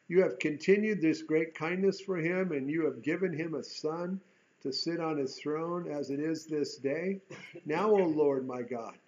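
A man's voice: on the high side, darkish tone. Earnest man preaching, lo-fi sound. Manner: earnest, rises to emphatic bursts, repeats words. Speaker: pastor. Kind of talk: sermon.

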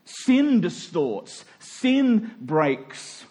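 A male pastor preaching a sermon, emphatic, slowing down to stress key words. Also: high-pitched, big pitch swings, warm tone.

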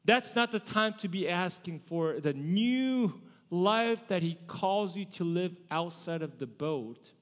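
A man in his forties, a pastor giving a conversational sermon and asking his congregation questions. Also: a little high. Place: church sanctuary. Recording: long church hall reverb.

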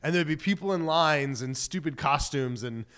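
A man's voice: on the high side, moderate pace, a bit bright, clear, resonant tone. A man pastor giving a sermon in a casual, joking storyteller manner. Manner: casual, joking storyteller who acts out quotes.

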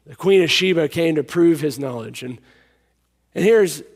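High-voiced preacher in a reverberant hall. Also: male voice, lively intonation, normal speed. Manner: emphatic, repeats key lines, drops to a hush for stories. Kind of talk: sermon.

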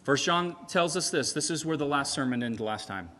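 A man preaching a sermon in a conversational way, often checking in with "right?" and swinging between loud and soft. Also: on the high side, lively intonation, normal speed. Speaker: pastor. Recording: long hall reverb.

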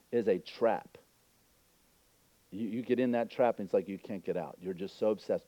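A man's voice: fairly high pitch, dry recording, highs cut off. A man preaching an earnest, emphatic sermon as pastor, with frequent asides to the congregation.

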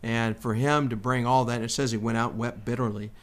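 A man leading a Bible discussion in a relaxed, conversational way. He animates the quoted lines, jumping up in pitch for them. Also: a little fast. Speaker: Bible study host.

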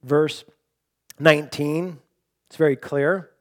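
A man's voice: a little high, steady tone, takes it slowly. A young adult man preaching a sermon, earnest and personal, often restarting with repeated words. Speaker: pastor.

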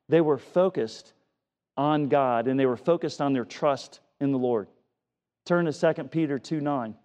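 A man's voice: a little high, darkish tone. A middle-aged male preacher giving a conversational sermon, often repeating words and telling stories from his own life. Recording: long reverb of a church hall.

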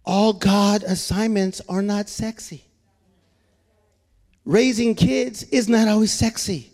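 An energetic male preacher with a very high voice, joking and shouting for emphasis through a sermon. He stumbles over and repeats his words as he builds up. His voice rings with the long reverb of a big church hall. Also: takes it slowly. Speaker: pastor.

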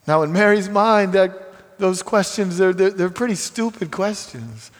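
A man preaching a sermon earnestly, dropping to hushed tones and rising to emphatic passages. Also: high voice, expressive, a little slow. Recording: long hall reverb.

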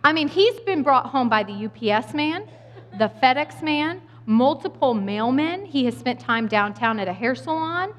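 A woman in her thirties or forties gives a lively, humorous sermon and acts out the voices of the people in her story. Her voice sits a little high. Long reverb from a large church hall trails behind her words. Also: normal speed, muffled recording. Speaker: speaker giving a sermon.

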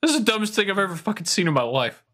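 A man's voice: sits high, big pitch swings, very fast, pushed and bright. A man hosting a podcast in casual chat, sarcastic and profane, often laughing. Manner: sarcastic, swears, laughs a lot. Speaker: podcast host.

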